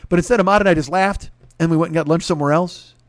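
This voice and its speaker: A man's voice: fairly high pitch, racing, no room sound, studio quality. A man hosting a podcast, telling a long story in a casual, profane and exasperated way. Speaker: podcast host.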